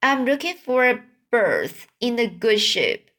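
A woman voicing a small, plucky male mouse sailor who speaks boldly and crisply in a storybook reading. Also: on the high side, very animated, unhurried, fairly bright tone. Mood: polite eager. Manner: bold, crisp and eager.

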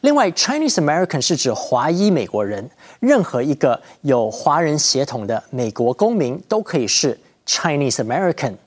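A man from Taiwan teaches English vocabulary, switching between Mandarin and English. He explains each point in a clear, measured way, like a lesson host. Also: fairly high pitch, sing-song. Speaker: bilingual language teacher.

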